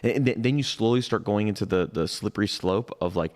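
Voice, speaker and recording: A man co-host talks in loose podcast banter, rambling and stumbling over his words. His voice is very low and gravelly, like a smoker's, with heavy fry at the ends of his phrases. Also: fairly quick, darkish tone. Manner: rambling, stammering restarts, self-deprecating. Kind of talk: casual podcast chat.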